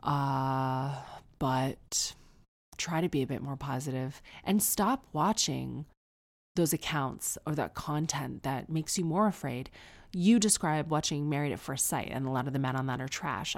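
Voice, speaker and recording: Low-voiced woman, frank and chatty. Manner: frank, conversational, with frequent restarts and emphatic asides. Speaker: advice podcast host. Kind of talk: casual, candid personal storytelling.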